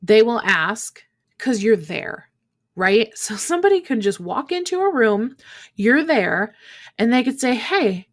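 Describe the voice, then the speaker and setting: A woman's voice: on the high side, sing-song, a little slow. A woman in her thirties hosting a podcast alone, talking in a chatty, candid way with many fillers. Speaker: podcast host. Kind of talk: casual solo podcast talk.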